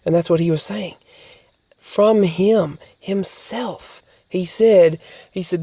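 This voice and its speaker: A vlogger in a casual podcast-style monologue who talks haltingly, restarts often and repeats words, and sometimes drops to soft, near-whispered asides. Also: mid-range voice, slightly rough, no echo.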